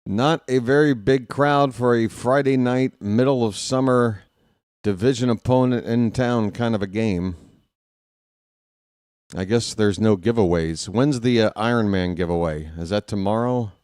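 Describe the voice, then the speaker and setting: A man's voice: mid-range voice, a little slow, clean tone, no echo, studio quality. Chatty American man calling baseball. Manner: chatty, talks to himself, excitable bursts. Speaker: play-by-play commentator. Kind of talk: casual live fan play-by-play.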